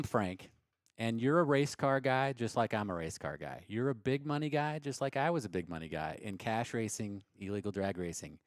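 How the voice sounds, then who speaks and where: A man's voice: mid-range voice, a bit bright, no room sound. A man speaking as a racer guest on a live studio show, talking bluntly and casually with some swearing.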